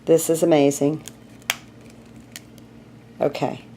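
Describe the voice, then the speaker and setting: A woman's voice: sits low, flat delivery, slow pace, mellow. A middle-aged woman chatting through a card-making tutorial, laughing at her own mess as she works. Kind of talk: casual craft tutorial.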